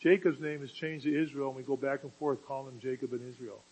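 A man preaching a sermon, moving from quiet explanation to loud, emphatic passages. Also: medium pitch, steady tone, fast talker, husky, low-quality recording.

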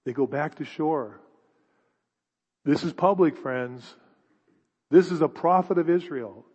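Male pastor, fairly high voice, dramatic sermon delivery, lo-fi recording with long reverb. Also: a little slow, darkish tone, husky. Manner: dramatic storytelling, stammered restarts. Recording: long reverb, dull lo-fi sound.

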